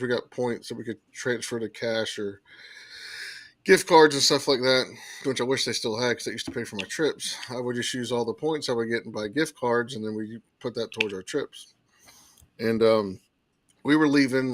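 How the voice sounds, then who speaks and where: A man recounts a personal story in casual podcast talk. He tells it emphatically and with energy, at a middle pitch. The sound is dry and close. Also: dry recording. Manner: animated, emphatic retelling with acted quotes. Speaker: podcast guest telling a story.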